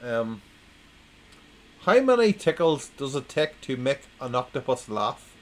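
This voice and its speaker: The livestream host speaks at medium pitch in an unhurried, sing-song way, with a little hiss or hum in the low-quality audio. He wryly reads groan-worthy jokes to a quiet chat and repeats the punchlines whenever no one answers.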